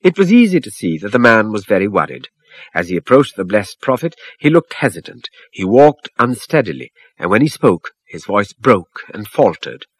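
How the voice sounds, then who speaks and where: Husky man narrating a solemn story. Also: on the low side, big pitch swings, moderate pace, no room sound.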